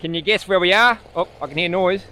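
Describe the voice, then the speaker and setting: A man's voice: high voice, quick pace, sharp tone. A man with an Australian accent, chatting casually and joking as a travelling farm vlogger. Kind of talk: casual vlog chat.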